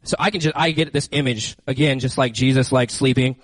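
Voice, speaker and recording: A man preaching a lively, conversational sermon into a handheld microphone, speaking directly to his listeners. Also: mid-range voice, fairly quick, few pauses, no room sound, low-quality recording. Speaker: youth preacher. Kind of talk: lively sermon with acted-out scenes.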